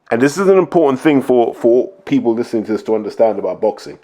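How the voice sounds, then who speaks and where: A man hosts a podcast, talking bluntly and emphatically at an average pitch. He lays out his points one by one and hammers them home in casual, opinionated commentary. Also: lively intonation, fast talker, few pauses, mellow. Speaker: podcast host, boxing pundit.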